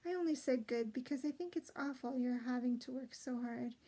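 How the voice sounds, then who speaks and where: A woman's voice: high voice, a little fast, low-quality recording. A woman voicing a kind, teasing young prince in a storybook reading. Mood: tender. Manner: warm, playful.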